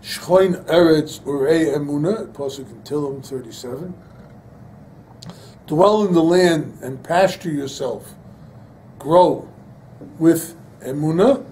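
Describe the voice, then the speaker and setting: Mellow-voiced rabbi preaching fervently. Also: male voice, fairly high pitch, takes it slowly, a little hiss or hum, poor audio. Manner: storytelling, then fervent preaching with rising emphasis; sprinkles Hebrew and Yiddish-inflected terms. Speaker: rabbi teaching a class. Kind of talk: Torah lecture.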